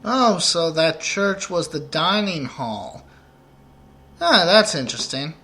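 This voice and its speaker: A man's voice: fairly high pitch, sing-song, takes it slowly, sharp tone. A man giving rambling, joking let's play commentary while he plays.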